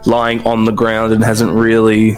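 A man's voice: on the low side, completely flat delivery, a little slow, faint music behind. A man playing a tabletop game, talking casually and rambling as he works through his character's thoughts. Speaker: player.

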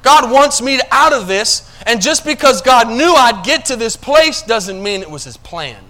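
Preacher, male, high bright voice, shifts from hushed asides to loud emphasis. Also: lively intonation, measured pace. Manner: preaching, asks the congregation if they follow; swings between quiet low asides and loud emphatic passages. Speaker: pastor. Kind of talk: sermon.

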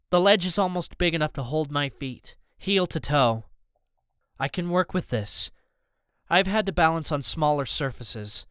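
A man narrating a tense first-person audiobook in a steady storytelling manner. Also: fairly high pitch, smooth, dry recording, clean studio sound.

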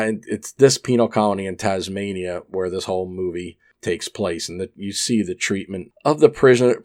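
A man with a slightly low voice reads an article into his microphone. He sounds relaxed and chatty. He often stumbles into asides and filler words before finding his way back to the text. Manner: reads an article aloud, breaking off into rambling asides with frequent fillers. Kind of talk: casual reading and commentary. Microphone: desk microphone.

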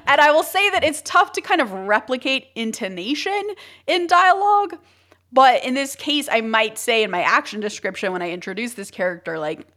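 A young woman co-hosting a podcast, chatting casually about writing, with quick bursts of speech and frequent laughter. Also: fairly high pitch, a bit bright. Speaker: podcast co-host.

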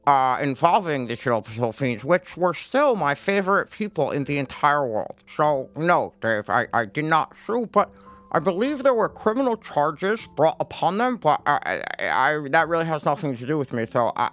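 A man's voice: fairly high pitch, lively intonation, normal speed, a bit bright. Man doing a stammering awkward man-child. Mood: flustered. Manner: stammering, hesitant. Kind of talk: comedy sketch.

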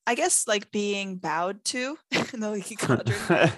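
A woman's voice: medium pitch, big pitch swings, measured pace, no echo. A woman co-hosting a casual book podcast, laughing often and playfully quoting characters. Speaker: podcast co-host. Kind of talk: casual book-discussion chat.

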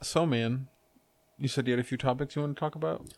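A relaxed young man hosts a casual podcast chat. He rambles and teases in an easygoing way. His voice is recorded dry and close, with no room sound. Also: mid-range voice, fast talker, gravelly, no room sound. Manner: laid-back, rambling, teasing. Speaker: podcast host.

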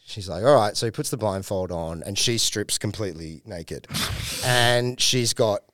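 On a podcast, an Australian man tells a story from the comedy scene, swearing freely and acting out what people said in an animated, casual way. His voice is on the low side and measured in pace, captured in clean studio sound with no echo.

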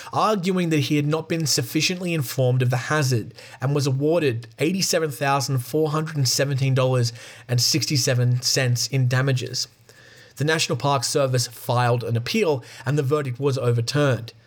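A man hosting a podcast, reading a true-crime account aloud at a steady pace, with fillers, small restarts and wry asides. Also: medium pitch, normal speed. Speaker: podcast host.

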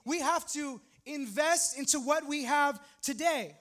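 A man in his thirties delivers a sermon as pastor, speaking in an unusually high voice. He talks to the congregation casually and with humor. Now and then he builds into emphatic, near-shouted points. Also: a little slow. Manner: conversational, humorous preaching with rising emphatic outbursts.

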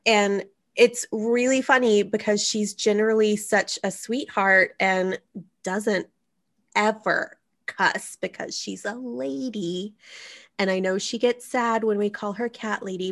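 A woman's voice: mid-range voice, takes it slowly. A woman hosting a casual comedic advice chat, telling stories animatedly and cussing freely. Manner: profane, animated storytelling. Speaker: podcast host. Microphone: studio microphone.

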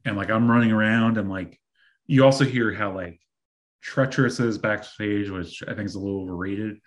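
Deep voiced co-host guy rambling with lots of likes and ums. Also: brisk. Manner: loose, filler-heavy talk. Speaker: podcast co-host, former wrestling writer. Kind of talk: casual podcast chat.

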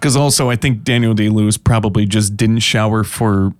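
A man's voice: on the low side, steady tone, brisk, dry recording. A man co-hosting a podcast, recapping a TV episode in a casual, wry, joking way. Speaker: podcast co-host. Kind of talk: casual chat recapping a TV show.

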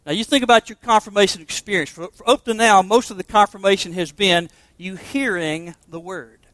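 High-voiced man preaching a sermon. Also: brisk, a bit bright, no room sound. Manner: emphatic, with rhetorical questions. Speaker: pastor.

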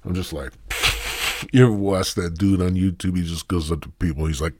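A man's voice: low-pitched, fairly even intonation, brisk, warm tone, no echo, clean studio sound. A man hosting a podcast in a rambling, crude, goofy monologue full of swearing. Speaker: podcast host.

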